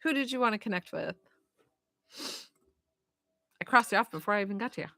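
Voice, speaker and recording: A woman giving a live spirit reading as a medium, chatty and filled with "like" and "you know", gentle and consoling as she passes on messages. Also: medium pitch, expressive, brisk, no room sound. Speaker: psychic medium.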